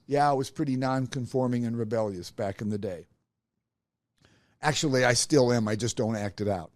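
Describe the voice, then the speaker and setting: A man's voice: medium pitch, moderate pace, no room sound. Storytelling man with a dry close sound. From Nebraska. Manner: animated, acts out quoted voices. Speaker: podcast host. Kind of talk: personal storytelling.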